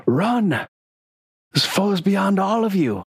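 A man voicing a fierce woman healer who rushes into battle, shouting urgent commands in a high put-on voice. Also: big pitch swings, creaky, slightly rough, dry recording, studio quality, heavily acted.

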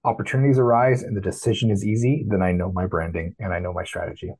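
Low-voiced man, friendly interviewer. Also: fairly even intonation, fast, a little mellow, husky, poor audio. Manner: brief affirming replies, wrapping up. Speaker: interviewer from podcast production company. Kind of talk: casual interview.

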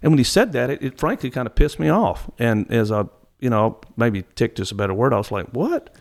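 A man's voice: mid-range voice, a little fast, vocal fry. A middle-aged man from Mississippi, telling stories as a guest, rambling with frequent restarts. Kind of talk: casual storytelling.

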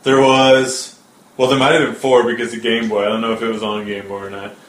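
A man co-hosting a casual podcast, laid-back and quick to laugh while reading listener questions. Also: medium pitch, flat delivery, a bit bright. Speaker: podcast co-host. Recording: echoey room.

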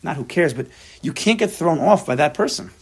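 A man's voice: a little high, animated, brisk, a little hiss or hum. A man teaching a religious text class to students, emphatic, often acting out imagined inner voices. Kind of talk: Torah class lecture, explaining a text to students.

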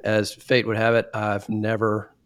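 A man's voice: lowish voice, monotone, a little slow, clear, resonant tone. A man hosting an interview, asking curious follow-up questions and sounding openly amazed. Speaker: interview host. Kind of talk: casual interview conversation.

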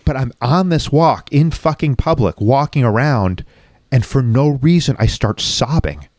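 A man's voice: medium pitch, expressive, a little slow, darkish tone, no room sound, studio quality. A man telling a personal story in conversation, raw and reflective, swearing freely as he talks. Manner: raw, reflective, frequently profane.

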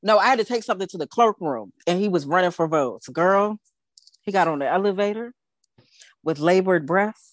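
A woman co-hosting a casual podcast panel chat, telling stories in a sassy, animated, slangy way. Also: lowish voice, a little fast, no room sound. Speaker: podcast co-host.

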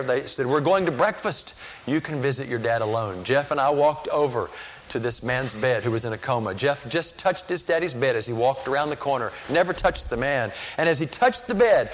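A man preaching a sermon, telling a story with earnest emotion and acting out the voices of people in it. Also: a little high.

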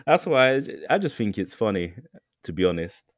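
A young man chats on a podcast, quick to laugh and slip into mocking voices. His pitch swings widely as he talks. The sound is dry and close to the mic. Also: no echo. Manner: animated, laughs often, mimics voices. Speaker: podcast co-host. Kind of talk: casual chat.

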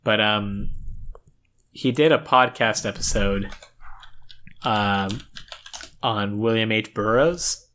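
A man's voice: on the low side, takes it slowly, pauses often, pushed and bright, a little hiss or hum. A young adult man co-hosting a podcast, chatting in a laid-back, joking way about a film. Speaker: podcast co-host. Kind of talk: casual film chat.

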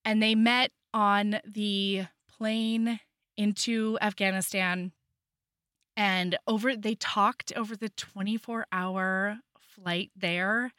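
A woman's voice: medium pitch, fairly even intonation, takes it slowly, fairly bright tone, no room sound, clean studio sound. A woman co-hosting a casual book podcast, gushing enthusiastically as she recaps a romance novel. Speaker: podcast co-host.

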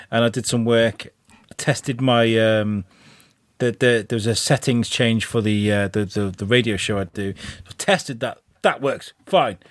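A man hosts a casual podcast, rambling through sweary, animated stories. His pitch sits in the middle, and the recording is dry and close. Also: dry recording. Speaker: podcast host. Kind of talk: casual chat.

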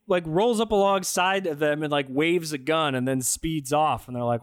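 A man's voice: a little high, moderate pace, clean tone, dry recording. A man co-hosting a casual movie-review podcast, joking and acting out lines from the film. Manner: animated, mocking, acts out movie lines. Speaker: podcast co-host.

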